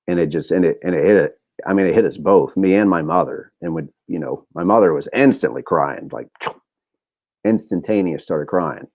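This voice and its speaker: At a normal pace and in a low voice, a middle-aged man hosts a podcast through a casual, rambling monologue, candid and heavy on fillers and profanity. The audio is lo-fi.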